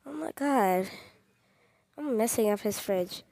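This easily startled young woman hosts a gaming channel, offering excited commentary aimed straight at her viewers while repeating short phrases again and again. Her mid-range voice is expressive, slow-paced, mellow and touched with vocal fry, with no echo.

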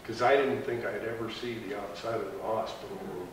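A middle-aged man telling his own heart transplant story to an audience in a plain, conversational way, with pauses and restarts. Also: on the low side, steady tone. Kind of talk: personal story told to an audience. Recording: echoey room from far off with faint noise.

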